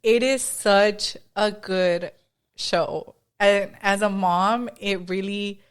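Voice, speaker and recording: A woman who is a mother, co-hosting a casual podcast chat in an expressive, chatty way and slipping in a few Spanish words. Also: medium pitch, takes it slowly, clear, resonant tone. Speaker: podcast co-host.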